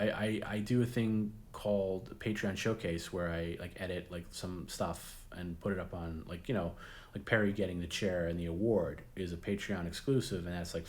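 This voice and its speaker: A low-pitched man hosts a late-night stream, chatting in a casual, rambling way. He tends to repeat his words and laughs at his own jokes.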